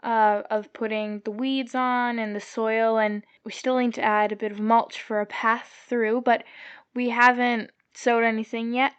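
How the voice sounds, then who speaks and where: A young woman with a clear, fairly high voice answers her interviewers simply and directly. Her sound is dry and close to the mic. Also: little pitch movement, unhurried, no echo, highs cut off. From Southwestern Quebec. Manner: plain, matter-of-fact answers. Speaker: guest gardener. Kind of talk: casual podcast interview answers.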